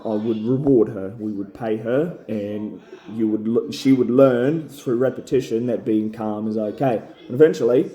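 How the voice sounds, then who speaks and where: A young man explains dog training in a casual, down-to-earth way. His voice sits at a middle pitch with a warm, mellow tone, and he keeps checking in with his listeners by asking "okay?". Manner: plain-spoken, repeats "okay?" to check in. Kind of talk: casual instructional talk.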